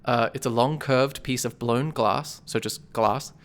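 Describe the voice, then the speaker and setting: A game master narrating a tabletop game, relaxed, with loose narration and easy laughter. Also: medium pitch, measured pace, a little hiss or hum.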